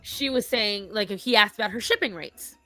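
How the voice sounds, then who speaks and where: A woman with a medium-pitched voice and moderate pace hosts a live stream, telling stories casually and handing her chat blunt, opinionated advice. Her storytelling is animated, and the dry recording has faint music behind it.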